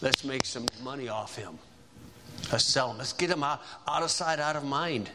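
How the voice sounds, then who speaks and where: A man's voice: mid-range voice, moderate pace, pushed and bright, slight background noise, voice pushed down, close to an everyday voice. A man voicing a resentful older brother who bluntly plans to get rid of his sibling. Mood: scheming.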